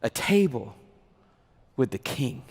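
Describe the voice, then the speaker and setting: A middle-aged man preaching a sermon in a large hall, animated and acting out little scenes to make his point. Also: medium pitch, slow pace, vocal fry, husky. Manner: animated, acts out little skits with props. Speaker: pastor. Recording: reverberant hall.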